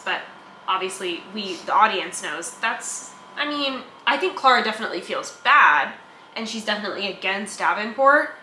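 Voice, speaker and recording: A woman's voice: mid-range voice, pushed and bright. A woman co-hosting a podcast, giving playful, joking commentary in a casual book chat. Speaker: podcast co-host. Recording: echoey room with faint noise.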